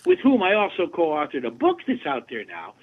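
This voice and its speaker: A man in his seventies, a voice actor guest telling animated, chatty anecdotes in a casual interview over a remote call. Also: a little high, moderate pace, a little hiss or hum. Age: 70s. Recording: tinny phone-like line.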